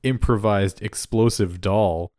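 A man's voice: fairly low pitch, slow pace, a little mellow, no echo. A man co-hosting a casual podcast, recapping a TV episode with dry joking asides. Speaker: podcast co-host.

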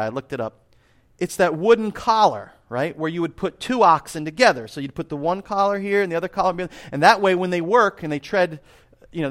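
A man's voice: on the high side, a bit bright. A middle-aged man preaching a sermon in a conversational, self-deprecating way, with personal asides. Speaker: pastor.

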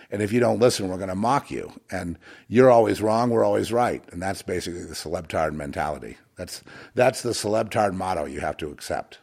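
Low gravelly guy ranting on and on, scornful and emphatic, tripping over his words. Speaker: commentator. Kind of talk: rambling monologue rant.

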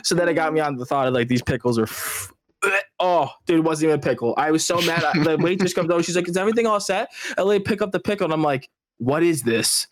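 A young man chatting casually on a podcast, telling animated stories full of laughter and swearing. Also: fairly high pitch, quick pace. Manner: animated storyteller, swearing, laughing, going on tangents. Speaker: podcast co-host. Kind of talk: casual chat.

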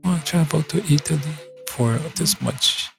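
A man putting on the voice of an old man pitching cheap trips abroad in a coaxing, salesy way. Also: moderate pace, vocal fry, faint music behind.

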